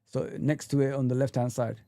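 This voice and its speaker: A man's voice: medium pitch, flat delivery, fairly quick, mellow, dry recording, clean studio sound. A young man hosting a casual livestream, reading viewer comments and chatting loosely with slang. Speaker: livestream host. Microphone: streaming setup mic.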